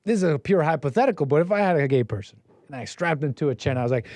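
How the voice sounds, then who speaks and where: A man's voice: fairly high pitch, animated, racing, darkish tone, no room sound. Rambling man host, dry close sound. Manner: rambling, mocking, restarts often. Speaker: call-in show host. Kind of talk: casual commentary.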